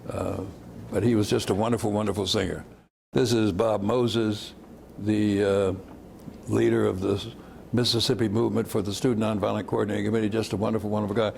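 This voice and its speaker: A man's voice: on the low side, little pitch movement, a little fast, gravelly, a little mellow, slight background noise. An older man, a civil rights veteran, describing old photos fondly, often chuckling and trailing off. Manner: chuckling, fond, rambling. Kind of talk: reminiscing talk.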